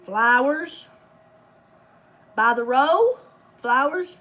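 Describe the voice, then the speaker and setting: High-voiced, unhurried playful woman host. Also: animated, fairly bright tone. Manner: playful, teasing, reads answers aloud. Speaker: game host. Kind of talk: hosting a casual trivia game with friends.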